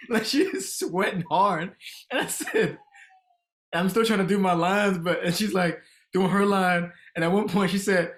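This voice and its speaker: A man in his thirties from the Washington, D.C. area, a comedian guest telling animated stories and laughing through them in casual podcast chat. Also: high-pitched, measured pace.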